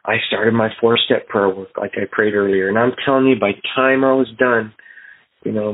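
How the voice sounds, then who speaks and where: A man's voice: lowish voice, flat delivery, moderate pace. A man hosting a phone meeting, telling an earnest personal recovery story and acting out his own thoughts. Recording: tinny phone line.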